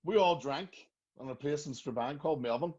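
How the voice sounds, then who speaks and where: Hosting a relaxed podcast conversation, a Northern Irish man tells stories and laughs a lot. His voice is on the high side, fairly quick, darkish and a bit breathy, captured in muffled lo-fi audio.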